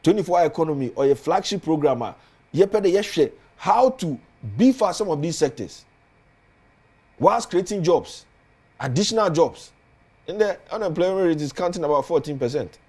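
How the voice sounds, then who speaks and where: A man's voice: on the high side, animated, moderate pace, a little mellow, breathy edge. A man with a Ghanaian accent, a politician guest on a studio talk show, speaking earnestly and building emphasis as he lists points.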